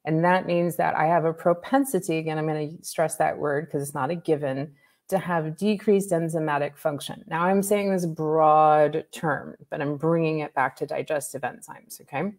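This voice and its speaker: A woman naturopathic doctor, a guest on an interview, explaining health topics in a lively way with examples and asides. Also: low-pitched, moderate pace. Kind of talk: conversational expert explanation.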